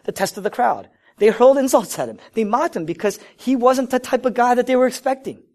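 A man with a somewhat high voice preaches a sermon with a lively, animated delivery. He pushes up loud for emphasis, then drops low and quiet to drive a point home. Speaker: pastor.

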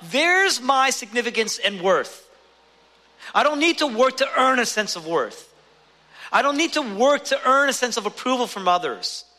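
A man with a high, bright voice preaches a sermon, pressing his points with rhetorical questions. He swings between raised, urgent stretches and hushed, quiet ones. His voice rings out with the long reverb of a big hall.

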